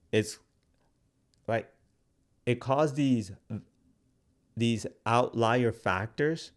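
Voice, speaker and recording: Man, livestream host, casual, rough textured voice, filler-heavy, talks straight to chat. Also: fairly low pitch, darkish tone. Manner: loose and chatty, full of "like" and "right?"; talks straight to viewers, reads comments aloud. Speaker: crypto educator and livestream host.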